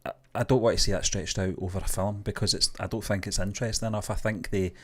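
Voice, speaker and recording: A man co-hosting a movie news show, giving hedged, measured opinions with plenty of fillers. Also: fairly low pitch, fairly even intonation. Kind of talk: casual podcast chat.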